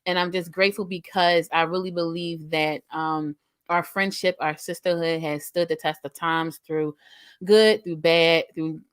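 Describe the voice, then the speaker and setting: A woman's voice: lowish voice, steady tone, unhurried, clean tone, dry recording. Emotional heartfelt woman host, dry sound. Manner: emotional, heartfelt, rambling with repeated words. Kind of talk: casual chat.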